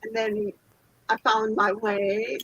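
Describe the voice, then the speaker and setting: A woman's voice: a little high, monotone, slow pace, fairly bright tone, husky, dry recording, muffled recording. An older woman telling a story in a casual chat, laughing often and acting out other people's lines, heard over a video call. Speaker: guest.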